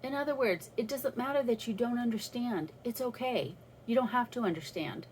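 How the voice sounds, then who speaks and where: A woman's voice: on the high side, normal speed, a little mellow, a little hiss or hum, poor audio. A woman talking through a personal faith reflection in a casual, earnest way, with restarts as she thinks aloud. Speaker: vlogger sharing a faith reflection.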